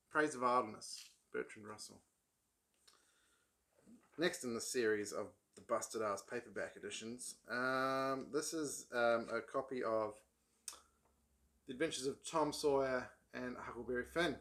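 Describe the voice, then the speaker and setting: A man's voice: medium pitch, a little slow, fairly bright tone. A man vlogging about his old paperbacks in casual, rambling talk full of ums and restarts. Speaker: book vlogger. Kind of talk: casual chat.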